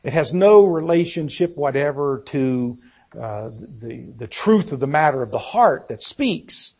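Husky male preacher. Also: fairly high pitch, animated, a little slow, a little mellow. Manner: reads scripture aloud, repeats key words for emphasis. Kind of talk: sermon.

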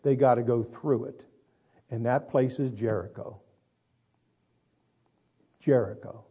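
A male pastor preaching a sermon, swinging between quiet asides and drawn-out, emphatic lines. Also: medium pitch, slightly rough, phone-quality sound. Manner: dramatic, swings between quiet and loud, stretches words.

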